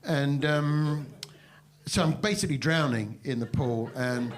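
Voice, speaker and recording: A male comedian on a live stage tells his tale in a rambling, halting way, with plenty of fillers and false starts. His delivery stays mock-serious and self-deprecating, and he keeps turning to banter with the room. His voice sits at an everyday middle pitch. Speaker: stand-up comedian. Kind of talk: live stand-up storytelling with crowd banter. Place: live venue stage before an audience.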